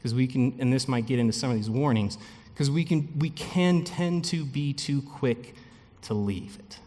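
A pastor gives a relaxed, chatty sermon with asides to the congregation. His voice sits at a middle pitch for a man. The sound carries a long reverb from a church hall. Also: moderate pace. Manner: conversational, animated preaching with frequent asides and light laughs.

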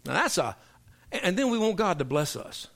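A middle-aged male pastor preaching a sermon to his congregation, emphatic and preacherly, dropping low for punchlines. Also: very animated, normal speed, vocal fry, a bit bright. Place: church sanctuary.

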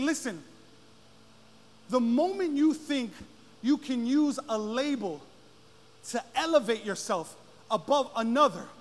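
A man preaching a sermon as pastor, often rising into shouted, drawn-out lines. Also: extremely high pitch. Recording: long hall reverb.

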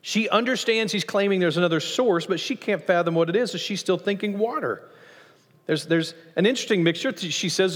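A man preaching a sermon as pastor of a church, lively, acting out voices from the passage as he teaches. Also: brisk. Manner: animated, acts out quoted voices with rising pitch. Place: church sanctuary. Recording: long church reverb.

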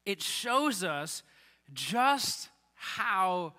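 A man preaching a sermon as a pastor, animated and acting out the voices of the people he quotes. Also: sits high, very slow. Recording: long reverb of a large hall.

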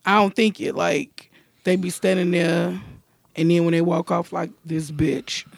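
A woman trades crude, quick-witted remarks on a casual podcast. Her voice is mid-pitched with a gravelly texture. The recording is dry and close. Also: flat delivery, dry recording. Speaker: podcast co-host. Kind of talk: casual chat.

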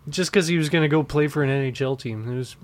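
A man's voice: fairly high pitch, fast. A man chatting on a comedy podcast, with a voice that sits a little above the usual for men. He rambles through stories, stacks up fillers and keeps breaking into laughter. His jokes are crude and loose. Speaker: podcast co-host. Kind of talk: casual comedy chat.

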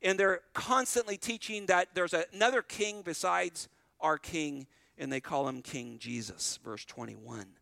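A man with a high voice preaches a sermon in an earnest, conversational way, talking straight to his congregation. His voice is recorded close and dry. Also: measured pace, gravelly, sharp tone, dry recording. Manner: earnest, conversational preaching that retells scripture vividly; addresses the congregation directly. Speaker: pastor.

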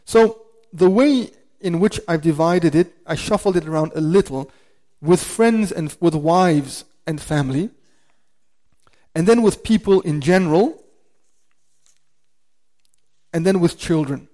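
A man gives a religious lecture in a warm, dark-toned voice that sits a little high. He breaks down Arabic terms word by word, weighting the key ones, and now and then drifts away from the mic. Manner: recites Quranic Arabic quickly. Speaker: Islamic lecturer.

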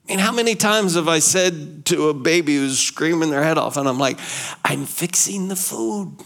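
A male pastor preaching a sermon in an animated way, asking rhetorical questions and repeating key phrases. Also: a little high, brisk.

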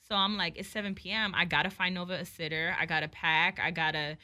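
A young woman telling a story in casual chat, animated and profane, acting out both sides of the dialogue. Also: lowish voice, fast talker.

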